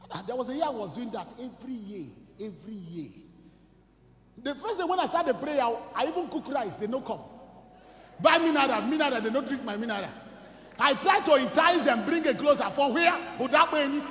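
A man with a Nigerian accent, an evangelist preaching a sermon and telling his own story, moving between shouting and quiet storytelling. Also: very high-pitched, reverberant, big-room sound, a little hiss or hum. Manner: shifts between shouting, storytelling and singing, mixing Pidgin and Igbo. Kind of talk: sermon with testimony and sung worship.

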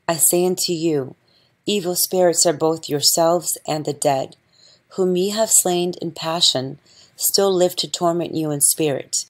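A woman reading scripture aloud as an audiobook, measured and solemn. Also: fairly low pitch. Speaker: audiobook reader.

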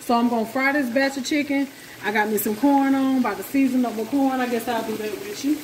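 Talking fast with a voice on the high side and fairly even intonation, a woman cooks in her home kitchen and chats casually and folksily with her viewers. The echoey room carries a loud frying sizzle, and there's a little hiss or hum.

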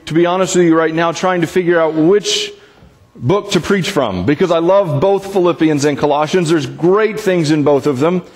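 A man pastor giving a sermon in a conversational, informal way. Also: fairly high pitch. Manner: conversational, with fillers and restarts. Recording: long reverb in a church hall.

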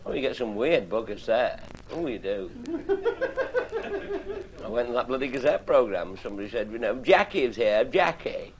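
A man's voice: medium pitch, animated, a little fast, few pauses. A middle-aged man telling comic stories to a live audience, blunt and swearing freely as he puts on voices for the people in them. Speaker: comic storyteller. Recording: old 1960s live recording with hiss.

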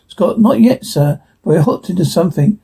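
Brief: man reading a male engineer reporting, husky, high voice. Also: lively intonation, moderate pace, warm tone, heavily acted. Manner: reporting to a superior. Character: dutiful male ship engineer.

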